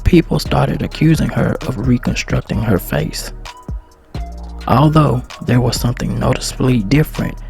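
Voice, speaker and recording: Gravelly man narrating over music. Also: medium pitch, normal speed. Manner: even, matter-of-fact recap. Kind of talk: scripted narration.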